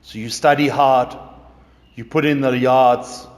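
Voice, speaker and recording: A man's voice: medium pitch, fairly even intonation, a little slow. A man preaching a sermon, telling a story dramatically in the second person. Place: church. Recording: echoey church reverb.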